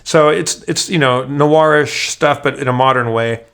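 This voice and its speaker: A man co-hosting a podcast, telling stories in casual chat, profane and animated, stumbling over his restarts. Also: mid-range voice, normal speed, gravelly, clear, resonant tone. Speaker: podcast co-host.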